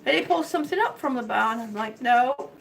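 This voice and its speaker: A woman's voice: on the high side, lively intonation, brisk, creaky, distant mic, faint music behind, poor audio. An older woman from Miami with an accent mixed from the South and the Midwest, chatting casually and telling a rambling story full of restarts. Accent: mixed American Southern and Midwestern. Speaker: vlogger. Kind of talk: casual chat.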